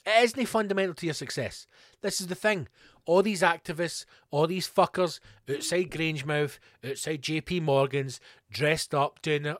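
स्कॉटिश लहजे वाला एक आदमी, जो अपने पॉडकास्ट पर गाली-गलौज के साथ ज़ोर से और मज़ाक उड़ाते हुए भड़ास निकालता है।. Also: male voice, high-pitched, normal speed, dry recording, clean studio sound. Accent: Scottish. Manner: sweary, loud and mocking, reads news aloud. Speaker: podcast host. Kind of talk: ranting solo podcast.

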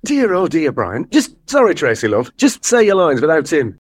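A man's voice: a little high, wildly swooping pitch, moderate pace. An actor playing a brusque, dismissive man directing a pantomime.

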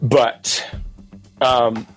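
Animated man telling a story. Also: mid-range voice, extremely slow, soft background music. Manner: animated, rambling, acts out quoted dialogue. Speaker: podcast host. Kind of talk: casual storytelling.

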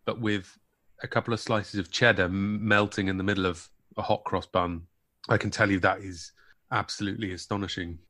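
A man with a West Country English accent, co-hosting a casual podcast chat with dry, deadpan humor. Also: fairly low pitch, brisk. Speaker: podcast co-host.

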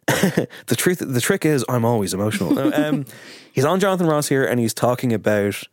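A young adult man, a journalist guest on a podcast, telling animated and emotional stories in casual chat. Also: fairly low pitch, no room sound, clean studio sound.

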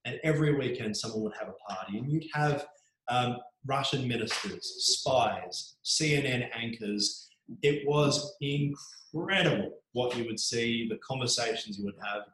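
A man's voice: medium pitch, unhurried, a little hiss or hum. An Australian man in his thirties, a journalist telling stories of his career in a casual interview, with plenty of ums. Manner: chatty, frequent ums, animated anecdotes. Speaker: journalist guest. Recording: roomy echo.

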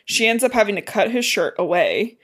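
A woman co-hosting a casual book podcast, summing up the chapter in loose, chatty sentences. She leans on fillers like "like" and "um" and swears freely. Her pitch sits in an ordinary middle range. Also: expressive, brisk, fairly bright tone, breathy edge. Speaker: podcast co-host recapping a book. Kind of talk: casual book recap chat.

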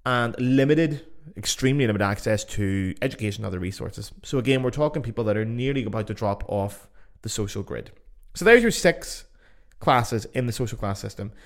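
A young man with a softened Belfast accent, hosting a solo podcast and giving blunt, opinionated views with plenty of swearing. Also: medium pitch. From Northern Ireland. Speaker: podcast host.

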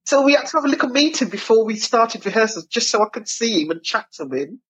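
A woman from Birmingham with a Brummie accent, chatting as an actor guest in an interview, telling lively stories. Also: on the high side, quick pace, breathy edge, dull audio. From Birmingham, England. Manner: lively, expressive storyteller who acts out voices. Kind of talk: casual interview chat.

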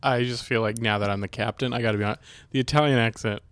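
A man's voice: mid-range voice, steady tone, quick pace, a bit bright, smooth, dry recording, lightly acted. A man improvising a blunt, bossy chef who has been made ship captain, giving curt, oblivious orders. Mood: deadpan. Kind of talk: improv comedy scene.

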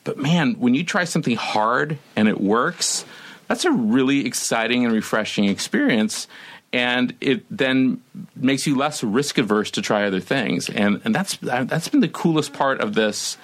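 A man, a co-author guest in casual conversation, talking quickly and emphatically with a wry edge. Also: mid-range voice, lively intonation, fairly bright tone.

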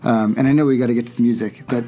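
A man's voice: medium pitch, fairly even intonation, rapid-fire, mellow. Man, podcast host, casual storytelling, rambling, restarts often. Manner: rambling, frequent restarts and laughs.

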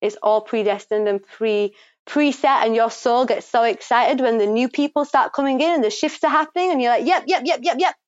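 A woman giving a psychic reading, talking passionately and quickly, swearing freely and affirming the listener. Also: fairly high pitch, clean tone, dry recording. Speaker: psychic reader and guest. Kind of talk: intuitive reading, casual and emphatic. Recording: dry, slightly muffled recording.

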